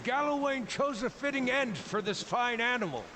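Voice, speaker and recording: A man's voice: very high-pitched, animated, normal speed, pushed and bright, a little hiss or hum, full character voice. An actor voicing an impish, cheerful small male druid wanderer in a game, playful and well-spoken. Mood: cheeky. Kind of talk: voiced game dialogue.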